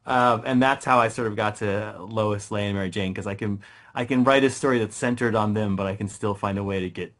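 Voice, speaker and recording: A man, a guest writer in a casual interview, telling stories with lots of restarts, quick laughs and rising excitement. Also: fairly low pitch. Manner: animated storytelling, many restarts, laughs often.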